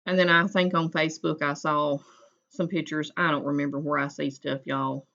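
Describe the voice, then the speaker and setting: Chatty woman, bright lo-fi voice. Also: low-pitched, flat delivery, normal speed. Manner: chatty, folksy, greets viewers by name. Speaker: livestream host. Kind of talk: casual chat with live viewers.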